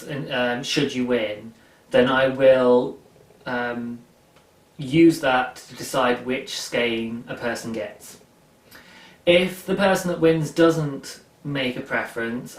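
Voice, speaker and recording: A man hosting a knitting podcast, talking casually to camera in a chatty, rambling, self-mocking way. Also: on the high side. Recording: roomy echo, mic at a distance.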